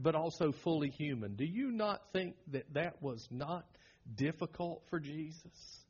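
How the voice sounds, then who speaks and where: Southern preacher, husky and dramatic. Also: male voice, on the high side, dull audio. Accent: Southern American. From American South. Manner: folksy, humorous, swings from loud to hushed. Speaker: pastor. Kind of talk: sermon.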